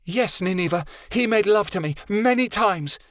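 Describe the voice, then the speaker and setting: A heartbroken young woman in a fantasy audiobook, her voice pushed high and strained. A male narrator puts her on in a dry, close reading. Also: a little slow, darkish tone, dry recording, lightly acted. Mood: taunting.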